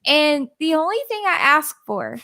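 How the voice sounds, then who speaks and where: A woman co-hosting a podcast, telling a story in casual chat, animated and exasperated, swearing and acting out what others said. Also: high voice, moderate pace, no echo, low-quality recording. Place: podcast recorded live with co-hosts.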